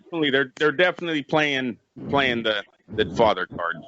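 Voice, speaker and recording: A man's voice: mid-range voice, animated, a little fast, fairly bright tone, dull audio, slight background noise. A man co-hosting a boxing podcast, joking and blunt in casual talk.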